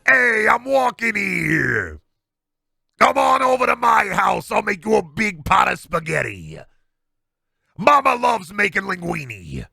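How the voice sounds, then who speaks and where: A man voicing a loud, brash male sewer monster with a New York accent, shouting and swaggering. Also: sits high, big pitch swings, takes it slowly, vocal fry, husky, no echo, studio quality, pitched above the performer's own voice, heavily acted.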